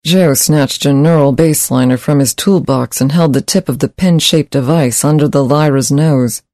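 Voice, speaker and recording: A man reading a science fiction story aloud in measured, steady scripted narration. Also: a little high, no room sound, clean studio sound.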